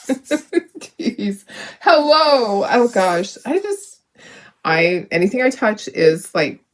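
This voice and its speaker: A woman hosting a live crafting demo, talking herself through each step, upbeat and self-deprecating, laughing often. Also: fairly high pitch. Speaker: craft livestream host.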